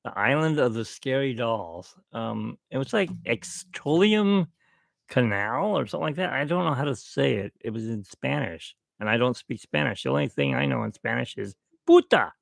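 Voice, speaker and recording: Male streamer host, gravelly, dry close sound, jokey rambling delivery. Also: medium pitch, animated, normal speed, dry recording. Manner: rambling, joking, self-mocking. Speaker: YouTube channel host. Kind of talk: casual live stream chat. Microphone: desk microphone.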